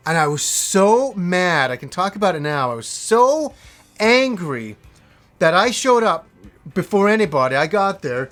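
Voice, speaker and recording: A middle-aged male host spins a rambling personal story, acting out what people said and letting the odd curse slip. His voice sits high for a man. Soft music plays faintly behind him. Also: moderate pace. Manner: animated, rambling anecdote with acted-out quotes and swearing. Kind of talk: casual storytelling to camera.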